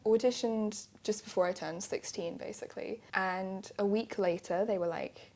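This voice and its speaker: A woman's voice: medium pitch, steady tone, moderate pace, hardly any pauses, warm tone. A young British woman, a voice actor, telling stories in a playful, chatty way and laughing often during a casual interview. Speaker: voice actor guest.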